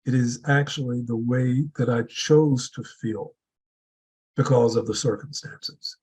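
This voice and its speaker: A man giving a deliberate motivational speech to a club audience, building his points with repeated rhetorical questions. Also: medium pitch, steady tone, a little mellow, slightly rough, poor audio. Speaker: club speaker.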